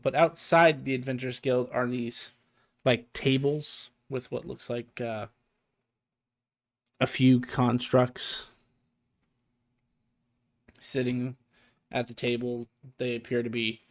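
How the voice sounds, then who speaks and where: A man's voice: medium pitch, gravelly. A man running a tabletop game as game master, describing the scene while thinking aloud, with frequent fillers and restarts.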